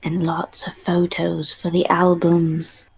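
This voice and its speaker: Husky woman doing slow mock-trailer narration. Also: on the low side, monotone. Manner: slow and theatrical, often dropping to a whisper, giggling between phrases. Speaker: stream co-host.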